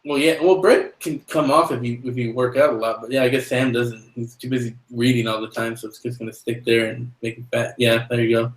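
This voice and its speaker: A man's voice: mid-range voice, steady tone, brisk, hardly any pauses. A man co-hosting a casual book discussion podcast, joking and moving the talk along. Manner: joking, steers the talk onward. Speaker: podcast co-host. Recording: roomy echo.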